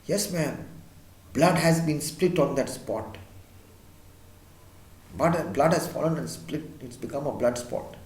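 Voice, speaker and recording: A man reading aloud as a quiet, solemn elderly woman housekeeper, speaking low in a roomy room. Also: animated, moderate pace, lightly acted. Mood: hushed solemn.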